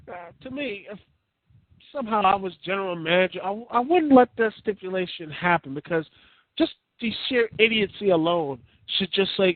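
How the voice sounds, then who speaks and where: A man's voice: high voice, expressive, a little fast, no echo. A man giving a casual, rambling rant as a wrestling reviewer, incredulous and full of restarts. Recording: tinny phone-like sound.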